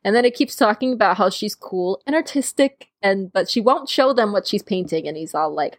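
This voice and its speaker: A woman's voice: medium pitch, no echo, clean studio sound. A young woman co-hosting a casual chat, recapping a story and acting out characters' lines. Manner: animated, acts out characters' lines in quick voices.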